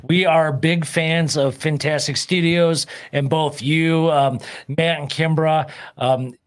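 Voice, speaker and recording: A man's voice: a little high, steady tone, slow. A man appearing as a guest on a podcast, talking in a playful, jokey way. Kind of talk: casual podcast chat.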